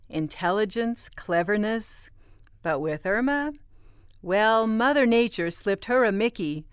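A woman's voice: mid-range voice, close to an everyday voice. An actress playing a wisecracking young woman who narrates and trades dry, sarcastic quips in a 1940s radio comedy.

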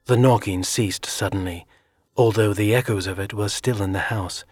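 A man narrating a suspenseful story in a measured, scripted delivery. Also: on the low side, a little mellow, no room sound, clean studio sound. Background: music.

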